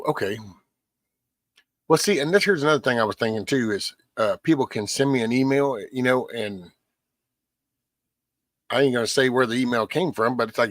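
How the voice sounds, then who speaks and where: A man's voice: mid-range voice, a bit bright, dry recording, clean studio sound. A man hosting a casual livestream, rambling bluntly with lots of cussing and a preachy edge. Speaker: livestream host.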